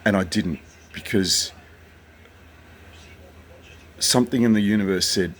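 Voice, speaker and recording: A man's voice: fairly low pitch, a little slow, pauses often, a little hiss or hum, rough recording. An older man telling stories in a chatty, rambling monologue from a motel room at night, sometimes swearing. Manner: chatty, anecdotal, occasionally profane. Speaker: vlogger.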